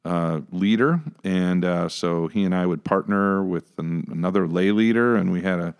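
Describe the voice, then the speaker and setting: Man, deep voice, smooth and resonant, casual pastor storytelling. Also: normal speed. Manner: animated, acts out his own past reactions. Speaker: pastor and podcast co-host.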